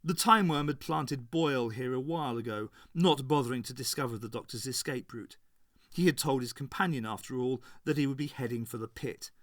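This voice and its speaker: A man reading a novel aloud as an unabridged audiobook, in a measured narrating voice. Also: mid-range voice, a bit bright, no room sound, clean studio sound. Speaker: audiobook reader. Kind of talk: scripted narration.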